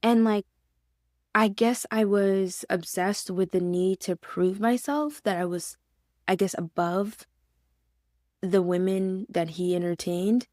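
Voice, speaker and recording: A woman's voice: mid-range voice, steady tone, slow, darkish tone, no echo. Woman telling a story on a dry mic. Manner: storytelling, acts out her own past words. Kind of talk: casual podcast chat.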